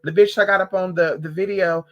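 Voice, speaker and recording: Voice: medium pitch, steady tone, fairly quick, lo-fi sound. A vlogger ranting casually to the camera, sassy and profane, who calls listeners girl and honey and hammers phrases by repeating them.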